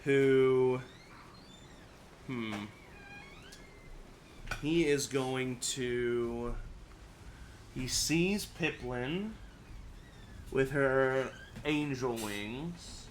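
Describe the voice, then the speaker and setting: A man's voice: mid-range voice, drawn-out words, pauses often, a little hiss or hum. A man narrating a tabletop game as game master, casual and laid-back, chuckling often.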